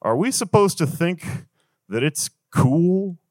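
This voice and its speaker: A man's voice: a little high, expressive, takes it slowly, a little mellow, no room sound. A young man doing a stand-up comedy set, rambling and swearing through an exasperated rant on a handheld stage mic.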